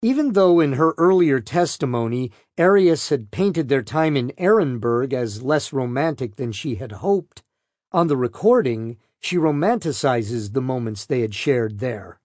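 A man's voice: mid-range voice, lively intonation, unhurried, a little mellow, no echo, studio quality. Matter-of-fact male audiobook narrator. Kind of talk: true-crime audiobook narration.

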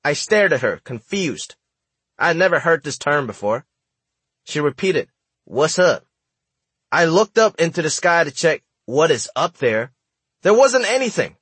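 A man's voice: a little high, very animated, moderate pace, a bit bright, slightly rough, no room sound. A man from Hong Kong reading his own memoir aloud in a wry, comic storytelling manner. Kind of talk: audiobook narration.

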